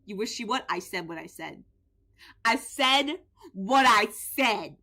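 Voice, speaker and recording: Young woman streaming a game, goofy and loud, high bright voice all over the place. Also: slow pace. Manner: animated, goofy, jokey, bursts of shouting. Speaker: gaming streamer. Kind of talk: playful gameplay commentary.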